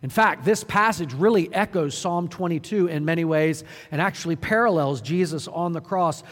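A man preaching a sermon, earnest and urgent, swinging from loud emphasis to quiet, low moments. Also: normal speed, in a large hall. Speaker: pastor.

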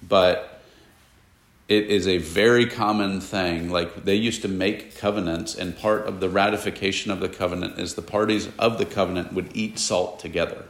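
A man teaches a Bible lesson to a class, explaining as he goes and stopping to put questions to the students. His voice sits low with a gravelly edge. The sound carries the echo of a classroom. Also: steady tone, normal speed. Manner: explanatory, asks the class questions, casual asides. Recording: echoey room.

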